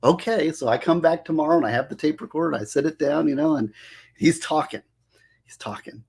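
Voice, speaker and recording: A man who works as a public defender tells stories about his career in casual, animated talk, acting out the voices of the people he quotes. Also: on the high side, fast, gravelly, breathy edge. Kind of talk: casual storytelling monologue.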